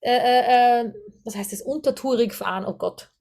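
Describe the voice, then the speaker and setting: A woman's voice: fairly high pitch, unhurried, darkish tone. A woman with a German accent teaching a voice workshop, searching for English words and demonstrating vocal exercises. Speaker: voice coach.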